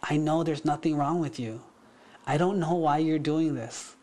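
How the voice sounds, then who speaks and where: A man voicing a queen mother pleading desperately with her son in plain, quick questions. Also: fairly high pitch, dark tone, close to an everyday voice.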